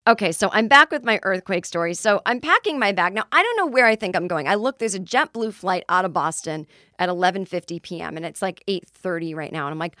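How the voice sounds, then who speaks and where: A woman's voice: on the low side, expressive, quick pace, hardly any pauses, bright, forceful tone, no room sound, clean studio sound. A woman podcast host in a chatty, confiding mood, telling a story from her own life. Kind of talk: casual storytelling.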